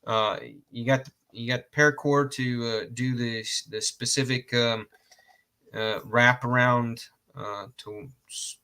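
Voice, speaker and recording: A man from Georgia talks through a casual gear review at an unhurried, drawn-out pace. His voice is bright and forward. He rambles and restarts his sentences, chuckles at his own jokes and throws in a mild curse now and then. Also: mid-range voice, steady tone, clear, resonant tone. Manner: rambling, self-correcting, laughs at own jokes, mild cursing. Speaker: host reviewing outdoor knives.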